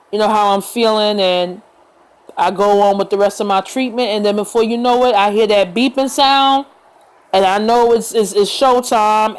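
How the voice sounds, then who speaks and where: A woman vlogger talking to the camera in a casual, earnest and reassuring way, unhurried, with fillers and pauses. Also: medium pitch, clean tone, rough recording.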